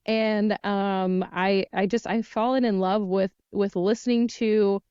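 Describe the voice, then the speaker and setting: Smooth-voiced chatty woman host. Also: mid-range voice, steady tone, measured pace, a little mellow, no echo, dull audio. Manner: enthusiastic, chatty. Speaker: podcast co-host. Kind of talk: casual interview chat.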